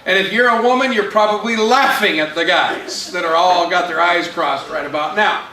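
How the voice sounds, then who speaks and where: A pastor telling a personal story in a sermon, acting out the voices of the people in it. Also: male voice, sits high, moderate pace. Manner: animated storyteller acting out quotes. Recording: echoey room, mic at a distance, faint hiss.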